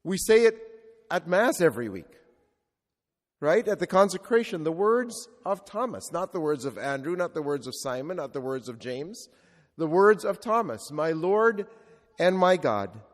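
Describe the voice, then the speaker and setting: A man's voice: fairly high pitch, very animated, normal speed. A male Catholic priest preaching a sermon with reflective storytelling and rhetorical repetition. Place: church. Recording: long reverb of a large church.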